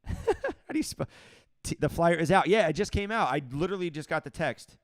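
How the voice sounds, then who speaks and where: A man, a saxophonist, casually chatting on his livestream and answering viewer comments in a relaxed, joking way, laughing often. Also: fairly high pitch, normal speed, dry recording, clean studio sound.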